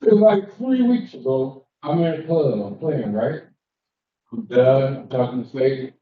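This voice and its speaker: A man's voice: medium pitch, animated, normal speed. A man doing a stand-up comedy set in a cigar lounge, telling stories and acting out the dialogue. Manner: storytelling with acted-out dialogue. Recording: echoey room from far off, muffled. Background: live audience.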